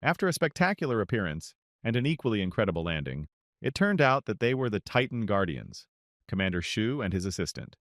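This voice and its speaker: A man narrating a story recap in a steady, scripted storytelling style. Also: lowish voice, fairly quick, dry recording, studio quality.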